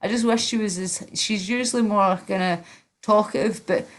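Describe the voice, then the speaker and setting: A woman's voice: medium pitch, normal speed. A woman with a Glasgow accent hosting a casual stream, chatting in a rambling way and swearing a lot. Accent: Scottish, Glasgow. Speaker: streamer host.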